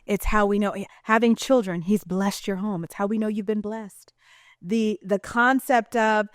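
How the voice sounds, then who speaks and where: A woman's voice: medium pitch, normal speed, no room sound, studio quality. A woman talking in a casual vlog monologue, chatty, colloquial and emphatic. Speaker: vlogger.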